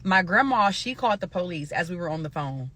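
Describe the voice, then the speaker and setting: A woman from Nebraska talks straight to her viewers in a casual storytime. Her voice has a bright, forward tone. She tells it with animated, profane energy and keeps calling her audience "y'all.". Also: on the low side, a little fast. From Omaha, Nebraska.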